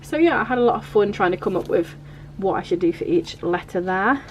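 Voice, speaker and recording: A woman talks casually in a vlog as she flips through her journal. She rambles a little and leans on filler words. Her pitch sits in an ordinary middle range. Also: animated, brisk, a little hiss or hum. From England. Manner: chatty, rambling, uses filler like "like" and "vibe". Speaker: vlogger.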